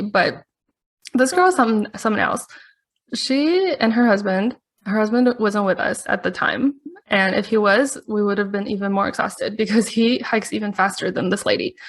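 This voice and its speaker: A woman podcast host telling a story in a chatty, casual way, laughing often between her sentences. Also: mid-range voice.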